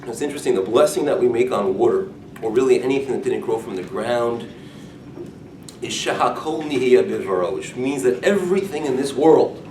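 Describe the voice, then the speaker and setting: Storytelling rabbi in an echoey room. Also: male voice, mid-range voice, fairly quick, background noise. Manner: storytelling, animated and humorous. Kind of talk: informal talk to a group. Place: room with curtains. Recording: echoey room, mic from far off.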